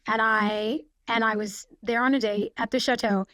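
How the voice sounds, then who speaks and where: A woman in her forties, a podcast guest, telling stories in a quick, chatty way full of "like". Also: a little high, steady tone, a bit bright, no echo. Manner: chatty, fast storytelling with frequent "like". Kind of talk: casual anecdote telling.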